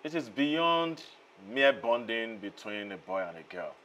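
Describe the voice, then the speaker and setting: Man playing a confident journalist guest, lively pitch, emphatic and lecturing, faint background noise. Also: measured pace. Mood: assured. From Nigeria. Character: self-assured male journalist guest on a TV talk show. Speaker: talk show guest, journalist.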